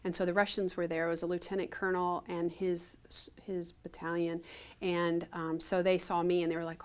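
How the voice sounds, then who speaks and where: A woman's voice: fairly low pitch, flat delivery, normal speed, clear, resonant tone. A middle-aged woman from Ohio, a retired Air Force officer, telling stories in a conversational interview, full of fillers and restarts. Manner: chatty storytelling, frequent fillers and restarts. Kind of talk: conversational oral history interview.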